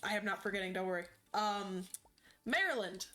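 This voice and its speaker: A woman's voice: medium pitch, moderate pace, a bit bright. A woman streamer chatting casually as she plays, rambling and hesitant with many ums.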